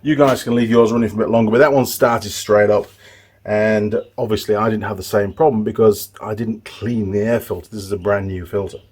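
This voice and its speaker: A man's voice: fairly low pitch, level tone, fairly quick, a little mellow, slightly rough. A middle-aged man hosting a motorbike repair tutorial, chatting in a loose, rambling way with restarts and asides. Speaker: motorbike mechanic and channel host. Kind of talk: casual workshop tutorial.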